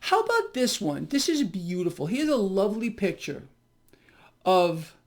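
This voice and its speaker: A man's voice: sits high, big pitch swings, measured pace. A man giving solo financial commentary in a mocking, sarcastic tone, often breaking into exclamations.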